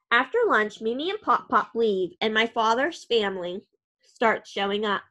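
A woman narrating a storybook in the first person, her delivery wry and dry. Her voice sits fairly high. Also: animated, normal speed, sharp tone. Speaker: audiobook narrator.

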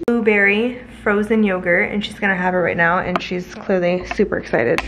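A woman chatting casually in a home vlog about her puppy, slipping into high baby talk when she speaks to her dog. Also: steady tone, normal speed, hardly any pauses, a bit bright, muffled recording, slight background noise. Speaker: vlogger, dog owner. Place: home living room. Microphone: handheld camera. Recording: roomy echo.

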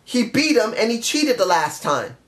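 A man's voice: high voice, very animated, normal speed, fairly bright tone. A man reviewing a wrestling show in a casual spoken style, blunt and exasperated, firing off repeated questions.

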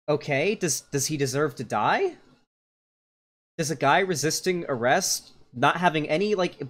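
Young man doing casual stream commentary. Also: medium pitch. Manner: casual, rambling, lots of fillers and restarts. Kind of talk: live-stream reaction commentary.

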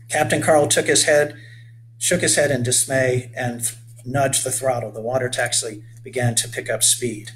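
Gentle older man reading a storybook. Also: mid-range voice, steady tone, moderate pace, slight background noise. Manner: gentle storyteller, stops to explain to young listeners. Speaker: author reading his children's book. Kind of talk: storybook read-aloud for children.

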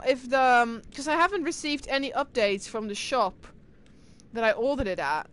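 A woman streamer chatting casually with her live viewers, excitable and talkative as she answers chat. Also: fairly high pitch, fairly quick. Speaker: game streamer.

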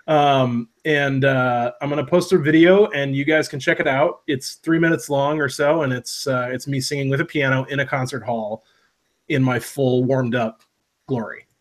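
A man from Minnesota co-hosting a casual live stream, chatty and rambling with many restarts. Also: mid-range voice. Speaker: live stream co-host, vape reviewer.

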